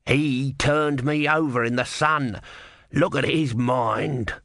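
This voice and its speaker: A man voicing a small, furious male god stuck in a tortoise's body, who shouts in a shrill, bloodthirsty way. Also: fairly even intonation, takes it slowly, creaky, dry recording, studio quality. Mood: hissing. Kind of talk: audiobook character voice.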